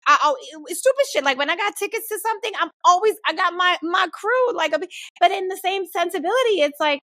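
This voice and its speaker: A woman's voice: very high voice, lively intonation, fast talker, a bit bright, dry recording. A woman co-hosting a podcast, talking in a reflective, emphatic, candid way about friendship. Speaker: podcast co-host. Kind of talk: casual chat.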